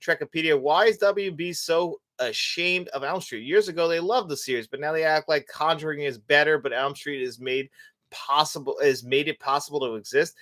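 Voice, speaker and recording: A man's voice: on the high side, normal speed, fairly bright tone. A young man hosting a live show, chatting casually and reading out viewer comments, rambling with many fillers and restarts. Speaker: host of a live movie show.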